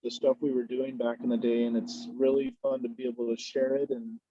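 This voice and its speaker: A laid-back man chats as a podcast guest, drifting through a long, easygoing story. His voice is warm, mellow and a bit husky. The recording is dry and slightly dull. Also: mid-range voice, flat delivery, a little fast, no room sound. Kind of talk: casual chat while smoking.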